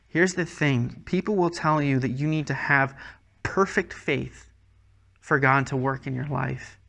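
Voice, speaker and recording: A man's voice: medium pitch, creaky, fairly bright tone. A man preaching a sermon as a pastor, earnest and conversational, often restarting his words.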